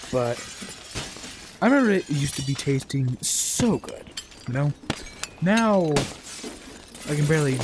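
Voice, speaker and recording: A man ranting casually and bluntly about food while playing a game, with quick asides and apologies. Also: mid-range voice. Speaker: gameplay streamer. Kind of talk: casual rambling rant while gaming. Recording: noisy home recording.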